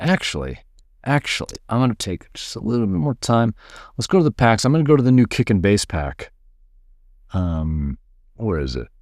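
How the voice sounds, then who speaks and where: A man casually teaching music production, thinking aloud while he works and muttering at his software. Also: low-pitched, dry recording, studio quality. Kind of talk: casual screen-recorded tutorial.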